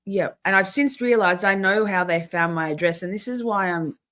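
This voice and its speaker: A woman's voice: mid-range voice, moderate pace, fairly bright tone. A woman hosting a livestream, ranting in a profane, fired-up way in casual chat. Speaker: livestream host.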